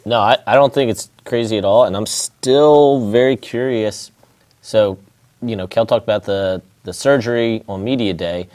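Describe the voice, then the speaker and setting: A man's voice: on the low side, moderate pace, darkish tone. A man co-hosting a casual sports talk show, speaking hesitantly with many fillers. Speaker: co-host.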